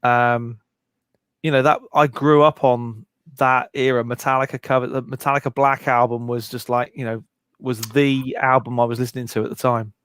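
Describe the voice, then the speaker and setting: A middle-aged man co-hosting a live music Q&A stream, joking around and talking in quick bursts with restarts. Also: mid-range voice, flat delivery, fairly bright tone, clear, resonant tone, no echo, clean studio sound. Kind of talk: casual live-stream chat.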